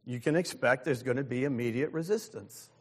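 A man's voice: mid-range voice, fairly quick, breathy edge, in a large hall. A pastor in his sixties preaching a sermon, earnest and openly self-deprecating. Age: 60s.

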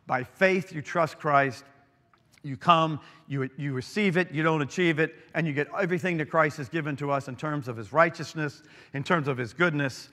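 Earnest preacher in a reverberant hall. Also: male voice, fairly high pitch. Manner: earnest, swings from emphatic to hushed storytelling. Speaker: pastor. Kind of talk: sermon.

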